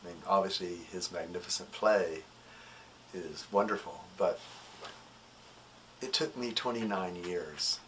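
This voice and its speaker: A man telling a personal story, shifting between animated, laughing recollection and a soft, hushed, reflective tone. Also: deep voice, a little slow, long pauses, slight background noise. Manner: animated, laughing, acts out voices when excited. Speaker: devotee recounting a story.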